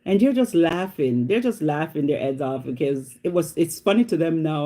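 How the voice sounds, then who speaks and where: A woman's voice: on the high side, normal speed, few pauses. A middle-aged woman from Jamaica with a Jamaican accent, vlogging in a casual, dramatic storytelling chat. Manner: animated, dramatic, exclamatory storytelling.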